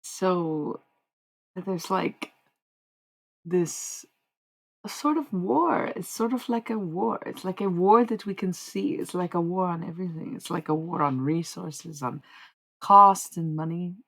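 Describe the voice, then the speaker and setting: A woman's voice: lowish voice, slow pace, creaky, a bit bright, poor audio. A woman livestreamer in rambling casual chat, meandering and answering her chat as she goes. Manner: meandering, talks to chat, trails off.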